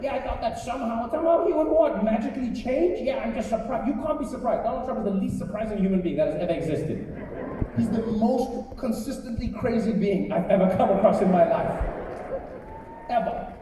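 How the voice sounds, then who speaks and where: A man performing a stand-up comedy set to a live crowd, animated and slipping into quick voice impressions. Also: sits high. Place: large live comedy venue. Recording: echoey arena, far from mic, audience noise.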